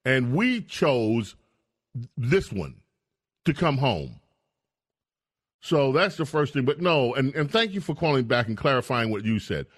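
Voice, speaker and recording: A man hosting a political talk radio show, speaking in an animated, indignant way with frequent restarts. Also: mid-range voice, a little slow, long pauses, breathy edge.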